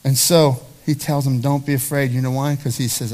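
A man's voice: mid-range voice, level tone, moderate pace, a little mellow. A male pastor preaching a sermon. He speaks emphatically, repeats phrases for stress and talks straight to the congregation. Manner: conversational, addresses the congregation directly.

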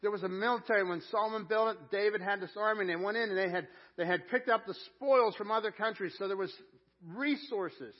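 A male pastor giving a sermon, building to loud emphatic peaks and repeating words as he speaks. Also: high voice, brisk, highs cut off. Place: church sanctuary.

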